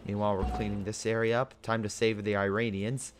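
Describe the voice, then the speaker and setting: Low-voiced man narrating strategy gameplay. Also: little pitch movement, fairly quick, noisy background. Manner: thinking aloud while giving orders to units. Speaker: gaming video host. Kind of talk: casual gameplay commentary. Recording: game music behind the voice.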